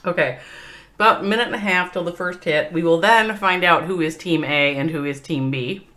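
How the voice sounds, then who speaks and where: This esports caster has a Minnesota accent and a lowish, bright, forceful voice at a moderate pace. She commentates a game on a livestream, chatting with viewers and laughing often.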